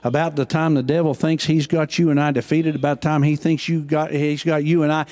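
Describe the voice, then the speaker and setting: A man's voice: a little high, little pitch movement, brisk. Impassioned older man preaching. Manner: impassioned preaching, swings from loud to hushed. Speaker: pastor. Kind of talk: sermon.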